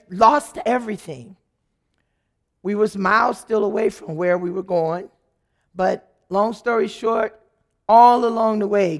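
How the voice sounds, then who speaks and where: A woman giving an animated, dramatic personal testimony, acting out the people in her story. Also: medium pitch.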